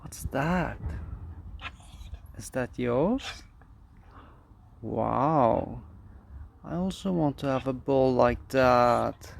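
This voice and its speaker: A man cooing to his dog in soft, affectionate baby talk. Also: medium pitch, very slow, creaky, long pauses, slight background noise. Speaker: dog owner.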